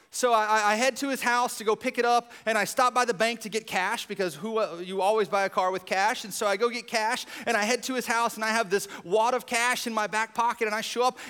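A man preaching a sermon as pastor, telling a story with animated, expressive delivery and dropping into hushed reflective moments. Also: high-pitched, clear, resonant tone, long reverb tail.

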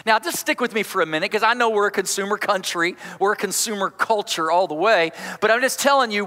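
A man's voice: high-pitched, quick pace, hardly any pauses, sharp tone. A man preaching as a pastor, emphatic and coaxing the congregation with call-outs in a large church. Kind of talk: energetic sermon. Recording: long church-hall reverb.

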